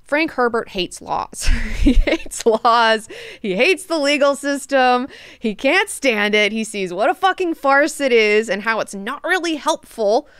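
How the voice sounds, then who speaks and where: A woman's voice: on the high side, expressive, measured pace, fairly bright tone, smooth, dry recording, studio quality. A woman hosting a casual book club, chatting profanely and with lots of energy, and retelling the characters' lines in slang.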